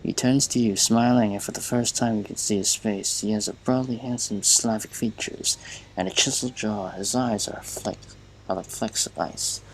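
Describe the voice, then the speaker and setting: A man's voice: on the low side, fairly even intonation, normal speed, slight background noise, rough recording. A man playing a game and reading its text aloud in a casual way, often stumbling and restarting words. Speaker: gamer.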